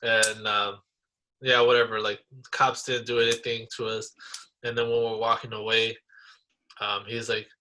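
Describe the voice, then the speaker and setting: A man co-hosting a podcast, telling stories in a casual, animated way, full of slang like bro and dude. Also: on the low side, a little slow. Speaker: podcast co-host. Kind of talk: casual chat.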